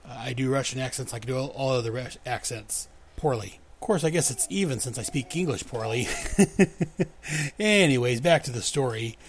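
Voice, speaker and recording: A man hosting a comic book podcast, recapping the pages in a loose, casual way. He often reads the characters' lines aloud in different voices and breaks into chuckles. His voice sits at an ordinary mid pitch. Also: moderate pace, slight background noise.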